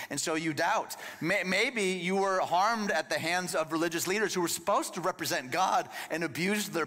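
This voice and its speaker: Conversational male preacher in a reverberant hall. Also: a little high. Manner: conversational, emphatic, swings between hushed and lively. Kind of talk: sermon. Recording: long reverb of a large room.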